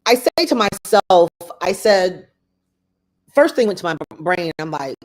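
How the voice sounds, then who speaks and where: A woman's voice: fairly low pitch, lively intonation, unhurried, darkish tone. A middle-aged woman hosting a podcast, telling a personal story in a conversational way, often repeating herself and acting out what others said. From Florida. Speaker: podcast host.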